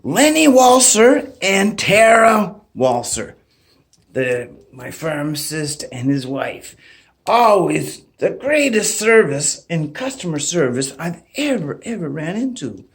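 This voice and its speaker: A man with a high voice talks casually to his channel in a rambling, animated way. He sounds like he is in his thirties. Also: slow. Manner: rambling, animated, greets each name warmly. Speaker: channel host. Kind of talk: casual shout-out vlog.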